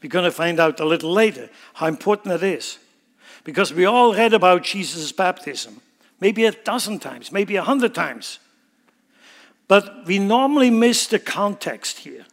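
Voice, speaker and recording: High-voiced preacher in an echoing hall. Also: male voice, animated, moderate pace. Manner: emphatic, explains scripture line by line. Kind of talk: sermon. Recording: long hall reverb.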